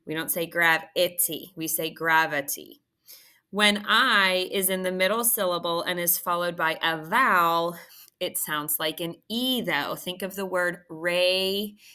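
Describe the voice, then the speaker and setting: A woman's voice: fairly low pitch, unhurried, sharp tone, clear, resonant tone. A woman teacher patiently walking through a phonics lesson, often checking in with "okay". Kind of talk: recorded phonics lesson walkthrough.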